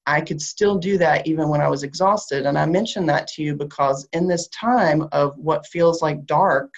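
A woman with a Southern US drawl talks a group through a guided meditation at an easy, calming pace. Her voice carries a low, gravelly fry. The audio is a little dull and muffled. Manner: slow, soothing guidance with long pauses. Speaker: shamanic practitioner leading a group. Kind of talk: guided meditation and spiritual talk.

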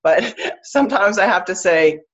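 A woman's voice: mid-range voice, expressive, measured pace, lo-fi sound. A woman with a Southern US accent teaching a live online class on spiritual practice, earnest and explanatory, repeating her key phrases.

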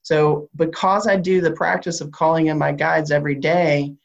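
A woman with a Southern US accent, a shamanic practitioner who leads a group through a guided meditation. She speaks slowly and soothingly and leaves long pauses. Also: low-pitched, little pitch movement, creaky, highs cut off. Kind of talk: guided meditation and spiritual talk.

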